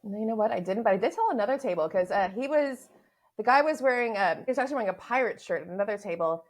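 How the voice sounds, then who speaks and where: A woman co-hosting a casual podcast, bubbly and animated, with lots of "like" as she tells stories. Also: medium pitch, fast. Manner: bubbly, animated storyteller, says "like" often. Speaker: podcast co-host.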